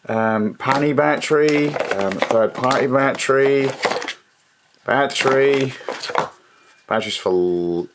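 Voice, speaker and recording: A man's voice: mid-range voice, noisy background. A man rambling casually and swearing as he laughs at himself over lost gear at home. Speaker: livestreamer.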